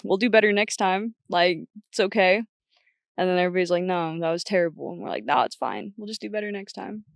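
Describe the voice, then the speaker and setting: A woman's voice: fairly low pitch, brisk, vocal fry, no echo, clean studio sound. A young woman guest on a podcast, talking bluntly and chattily, often quoting herself. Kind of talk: casual chat.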